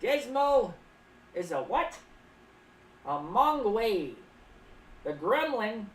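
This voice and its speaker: A woman's voice: on the high side, big pitch swings, very slow, far from the mic. A woman streaming as a clown, casually rambling and reading chat aloud, often speaking of herself in the third person. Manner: rambling, playful asides. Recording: roomy, off-mic with faint background noise.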